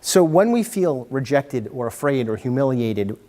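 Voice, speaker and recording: A man presents a workshop to a room of parents, animated and quick to act out little scenes. His voice sits in a middle pitch and carries a long hall reverb. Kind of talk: lively workshop talk to parents. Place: meeting room. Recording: hall reverb from a community-TV taped talk.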